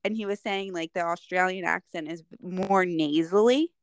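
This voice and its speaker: A woman's voice: fairly low pitch, normal speed, smooth, no room sound. A woman co-hosting a podcast, telling stories animatedly and saying "like" a lot. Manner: animated storyteller, lots of "like". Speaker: podcast co-host. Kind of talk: casual chat.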